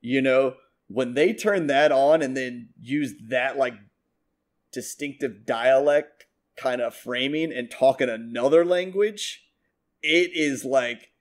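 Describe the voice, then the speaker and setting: A man's voice: mid-range voice, slow. Rambling, profane man co-hosting. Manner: profane, rambling, animated storytelling. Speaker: podcast co-host. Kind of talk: casual chat.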